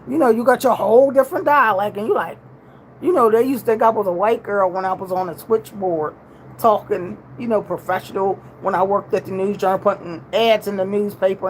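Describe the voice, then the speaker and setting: A woman in her sixties chatting casually with her livestream viewers, relaxed and drawling with slangy everyday grammar, talking in a steady middle pitch over faint room noise. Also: a little fast, low-quality recording. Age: 60s. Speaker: livestream host.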